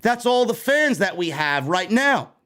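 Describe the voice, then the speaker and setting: Heated, swearing wrestling-news host, high voice. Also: male voice, unhurried. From New York. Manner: animated, heated, heavy swearing. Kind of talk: profane ranting commentary.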